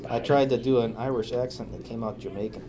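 A man's voice: medium pitch, steady tone, fast, background noise. A man bantering with friends in a dry, joking way. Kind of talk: casual banter among friends.

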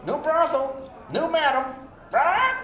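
A man's voice: very high voice, sing-song, slow pace, pushed and bright, pitched above the performer's own voice, full character voice. A man voicing a squawking, foul-mouthed parrot that barks out its lines, in an echoey room. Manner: barking squawks.

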